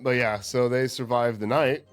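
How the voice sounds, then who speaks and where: A man's voice: medium pitch, steady tone, normal speed, clear, resonant tone, faint music behind. Laid-back crude-talking man, casual recap. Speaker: podcast co-host. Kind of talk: casual movie recap chat.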